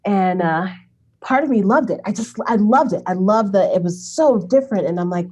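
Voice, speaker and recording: A woman in her forties from Brooklyn, New York City, telling a story as an interview guest in a chatty, animated way, acting out remembered dialogue and laughing often. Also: medium pitch, normal speed, breathy edge. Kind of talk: casual conversational storytelling.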